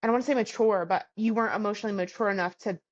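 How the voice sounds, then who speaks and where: A woman's voice: medium pitch, racing, muffled recording. A woman co-hosting a podcast, asking frank, probing questions in casual chat. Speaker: podcast co-host.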